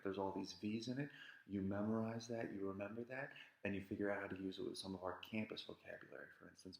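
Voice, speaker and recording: A man with a low, gravelly voice walks students through a grammar review. He talks conversationally and keeps checking in with "right?". The sound carries an echo from the room. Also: a bit bright. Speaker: Spanish teacher. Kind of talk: recorded grammar review lesson.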